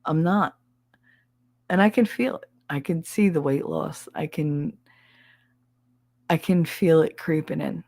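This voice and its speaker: Gravelly, blunt New Jersey woman. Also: low-pitched, takes it slowly, long pauses, darkish tone, dry recording. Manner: blunt, abrasive, heavy cursing. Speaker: livestream host. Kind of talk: casual livestream chat reading comments.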